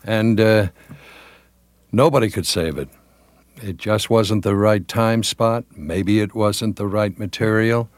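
A man's voice: on the low side, fairly even intonation, slow pace, dry recording. An older man, a veteran television announcer, reminiscing in an interview with many fillers and restarts.

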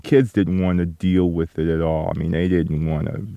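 A middle-aged man answering interview questions slowly and reflectively, with many fillers and restarts. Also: sits low, steady tone, vocal fry, dark tone, no echo. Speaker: interview guest, author.

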